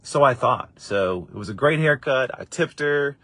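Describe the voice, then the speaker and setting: A middle-aged man tells a personal story straight to camera in a casual, animated way. He jumps up into a higher voice to act out the people he quotes, then settles into warm encouragement. His voice sits in a middle range, recorded dry and close. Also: normal speed, no room sound. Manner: encouraging, faith-based wrap-up. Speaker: father and faith vlogger.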